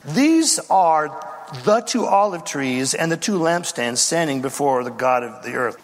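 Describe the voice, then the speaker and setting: A man's voice: mid-range voice, long reverb tail. A man preaching a sermon with dramatic storytelling, acting out the voices of biblical figures. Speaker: pastor.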